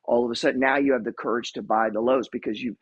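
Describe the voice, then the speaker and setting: A man's voice: medium pitch, fairly even intonation, fast, breathy edge. A man investor giving a blunt, profane motivational rant about money and real estate. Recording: dull lo-fi recording.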